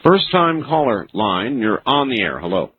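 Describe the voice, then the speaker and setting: A man hosting a late-night call-in radio show, musing slowly with many fillers. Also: medium pitch, very animated, slightly rough, no room sound. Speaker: radio talk show host. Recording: narrow phone-like radio broadcast with faint hiss.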